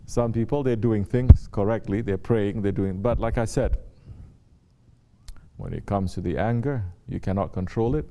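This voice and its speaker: A lowish, warm-toned male voice at a moderate pace. He is a Sufi teacher offering a spiritual talk to his students, going over his points repeatedly and frequently asking the room short rhetorical questions.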